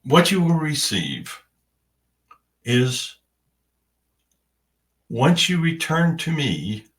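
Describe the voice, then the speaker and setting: A man delivering a spiritual message in the first person, in deliberate, halting phrases with long pauses. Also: a little high, big pitch swings, fairly bright tone, far from the mic.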